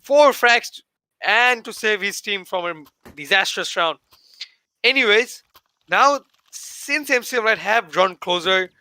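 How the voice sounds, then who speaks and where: A young man calling a live esports match play-by-play in a casual, excitable way. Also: high-pitched. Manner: excitable, casual, says "bro" to the audience. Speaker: esports caster.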